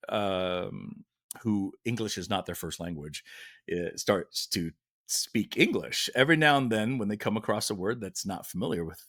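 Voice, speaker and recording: A man's voice: lowish voice, normal speed, dry recording, studio quality. A man chatting casually as a guest, telling stories from a film set and acting out the quotes with big laughs. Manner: animated storyteller, acts out quotes with a big laugh. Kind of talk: casual chat.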